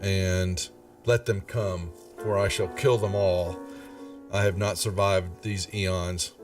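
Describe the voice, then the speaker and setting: An ancient, arrogant beholder overlord, put on by a man running a tabletop game. He speaks in slow, grandiose declarations of contempt, pitched low. The voice comes from a mic set back in the room, with faint music underneath. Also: fairly even intonation, recorded from a distance. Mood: haughty.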